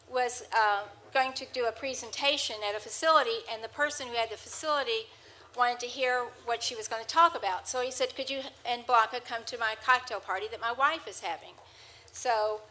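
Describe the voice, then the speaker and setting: A woman with a bright, keen-edged voice pitched a little high tells stories to a live audience in a hall. She speaks into a handheld microphone in a chatty, rambling way, restarting her sentences as she goes. A faint hiss sits under her voice. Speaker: storyteller on stage. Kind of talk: live anecdotal storytelling.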